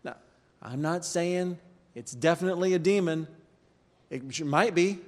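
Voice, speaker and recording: Man teaching a class in a reverberant hall. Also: on the high side. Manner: conversational, pausing, quotes scripture aloud. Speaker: teacher of a church course. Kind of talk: informal teaching talk.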